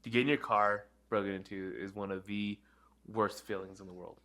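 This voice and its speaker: A young man co-hosting a podcast in casual chat, telling stories with animated, swearing acted-out quotes. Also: a little fast. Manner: animated, acts out quotes with big jumps in pitch and swearing. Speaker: podcast co-host.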